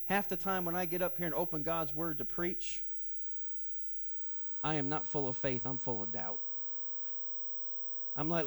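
Animated preacher man, higher-pitched voice. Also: a little slow, pauses often. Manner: animated preaching with sudden loud rises and soft drops; asks the congregation questions directly. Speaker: pastor. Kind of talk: sermon.

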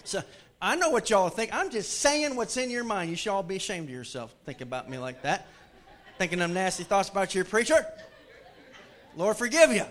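Man, pastor, high voice, lively sermon, teasing and hushed by turns. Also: fairly quick. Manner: lively Southern preacher, jokes with the congregation, swings from loud to hushed. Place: church sanctuary.

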